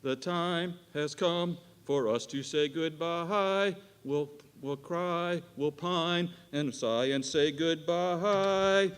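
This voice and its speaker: A man's voice: a little high, takes it slowly, hardly any pauses, slight background noise. A man leading a church gathering through a farewell song, urging everyone to sing along. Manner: leads the crowd in singing and cheering. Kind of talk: sung and recited farewell to a crowd. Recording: crowd clearly heard behind the voice.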